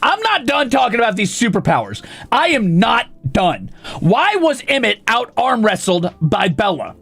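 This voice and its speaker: A man streaming, ranting indignantly and profanely, often breaking into shouts. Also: high-pitched, wildly swooping pitch, unhurried, creaky, husky. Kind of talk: casual stream rant.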